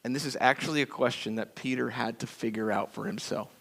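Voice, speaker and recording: A man preaching a sermon as pastor, telling stories in a folksy, animated way with acted-out quotes. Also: medium pitch, fast, creaky. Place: church sanctuary.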